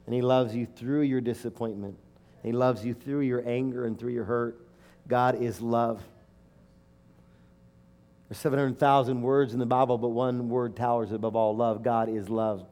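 A man's voice: medium pitch, steady tone, moderate pace, a little mellow. A middle-aged man preaching a sermon and telling a personal story, emotional and emphatic, rising to fervent declarations.

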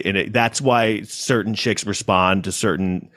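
Guy on a podcast rambling thru a story, mid pitch, does the voices of people, super dry sound. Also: normal speed, few pauses, fairly bright tone, dry recording. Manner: rambling storyteller, acts out quotes with jumps in pitch. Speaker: podcast host. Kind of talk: casual chat.

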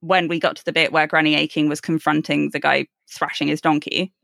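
Chatty woman with a gravelly edge. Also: low voice, fairly quick, dry recording, studio quality. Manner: chatty, laughs often, animated asides. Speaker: podcast co-host. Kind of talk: casual book discussion.

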